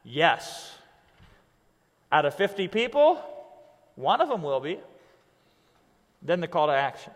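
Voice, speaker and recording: A man teaching an online business lesson in a lively, conversational way, checking in with "right?" over and over. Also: on the high side, slow, long pauses, in a large hall. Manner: animated, conversational, keeps asking "right?". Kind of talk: coaching lesson.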